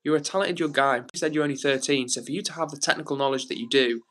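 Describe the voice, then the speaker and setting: Guy on a chill home livestream, reading chat out loud, gentle and reassuring, normal mid voice. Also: medium pitch, fast talker. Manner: laid-back, chatty, reads viewer comments aloud. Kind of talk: casual live-stream chat.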